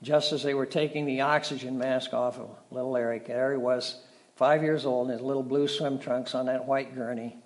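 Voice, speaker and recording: A middle-aged male pastor preaching a sermon, telling stories with dramatic shifts between loud and soft. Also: mid-range voice, steady tone, moderate pace. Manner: storytelling, dramatic shifts in volume.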